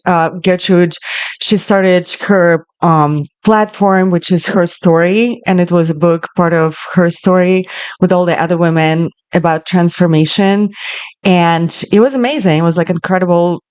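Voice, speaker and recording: A woman chatting as a podcast guest, talking in a halting way and searching for her words as she recounts a project. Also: lowish voice, clear, resonant tone, no echo. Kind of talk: casual interview chat.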